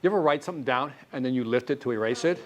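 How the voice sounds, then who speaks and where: A man leading a live sales training class, quizzing the room with quick questions and answers. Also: medium pitch. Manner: animated, quizzing the class with call-and-response questions.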